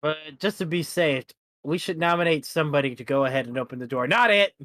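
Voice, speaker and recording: A man's voice: fairly high pitch, fast, fairly bright tone, dry recording. A man playing a tabletop game, brash and teasing the others. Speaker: player.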